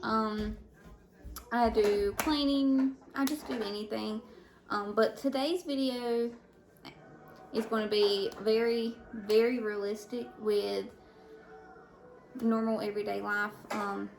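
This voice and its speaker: Overwhelmed mom vlogging at home, kinda high voice, lots of fry, lots of ums and restarts. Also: female voice, steady tone, slow pace, long pauses, a little mellow, slight background noise. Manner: hesitant, many fillers and restarts. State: overwhelmed and emotional. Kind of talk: casual vlog chat. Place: at home indoors. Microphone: camera mic.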